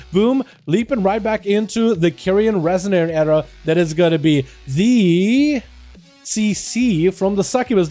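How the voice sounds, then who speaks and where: A man's voice: sits high, warm tone. A young man casually calling a match as a live game streamer. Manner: casual, chatty, fast play-by-play.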